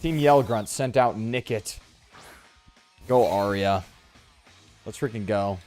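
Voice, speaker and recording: A man's voice: lowish voice, takes it slowly, darkish tone, soft background music. A man streaming a video game, giving casual, sarcastic, joking commentary as he plays. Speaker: let's play streamer.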